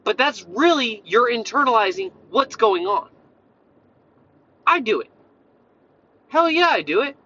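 Blunt, foul-mouthed coach ranting. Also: male voice, very high-pitched, lively intonation, measured pace, long pauses, sharp tone, muffled recording. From Tennessee, USA. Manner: blunt, swears a lot, jumps around. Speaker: fitness coach. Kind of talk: profane casual rant.

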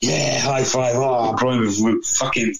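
A man's voice: mid-range voice, steady tone, measured pace, gravelly, over a noisy crowd, low-quality recording. A man telling a rambling anecdote over casual chat, swearing constantly. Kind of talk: casual storytelling.

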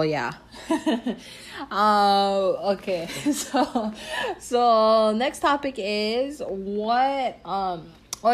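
A young woman hosting her own podcast, talking candidly and casually, full of fillers, restarts and swearing. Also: medium pitch. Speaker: podcast host. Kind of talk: casual personal podcast talk.

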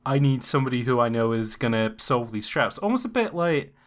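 A man's voice: medium pitch, very animated, brisk. A man riffing in a casual brainstorming chat, rambling and playful with lots of restarts and asides.

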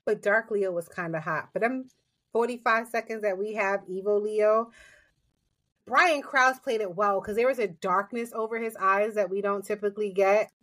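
A woman's voice: mid-range voice, moderate pace, fairly bright tone. A woman co-hosting a podcast, chatting casually and cutting in with blunt jokes. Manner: blunt, joking interjections. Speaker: podcast co-host. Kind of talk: casual chat.

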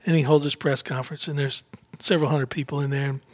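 Lively storytelling man, bright-pitched, dry sound. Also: fast talker, no echo. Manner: animated anecdote telling, acts out quotes, laughs often. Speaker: guest. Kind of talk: casual storytelling interview.

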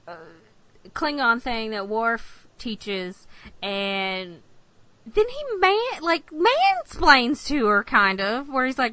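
Giggly woman, lively podcast chat. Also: high-pitched, extremely slow, no echo. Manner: giggly, acts out quotes. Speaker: podcast co-host. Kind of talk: casual chat. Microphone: remote call mic.

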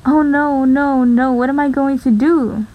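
A frightened young refugee girl pleads in a high, strained voice in a storybook reading, as a woman reads her lines. Her desperation is plain in every word. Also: fairly even intonation, a little slow, phone-quality sound. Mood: desperate.

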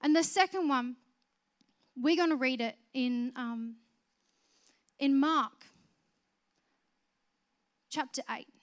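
A woman preaching a sermon, swinging from soft, conversational explanation to loud, emphatic proclamation. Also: sits high, takes it slowly, long pauses. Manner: conversational, with restarts and filler words.

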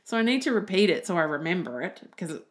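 A woman's voice: on the low side, quick pace. Chatty woman podcasting alone. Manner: chatty, animated, swearing freely. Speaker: podcast host. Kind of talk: casual solo podcast chat.

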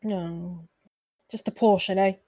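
A woman playing a tabletop game, tossing in quick joking remarks. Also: fairly low pitch, steady tone, mellow. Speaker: player.

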